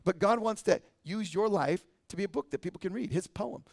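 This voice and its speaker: A man's voice: sits high, fairly quick, creaky, dry recording, studio quality. A middle-aged man with an American accent preaching a sermon as pastor, talking in a conversational way and often checking with "right?".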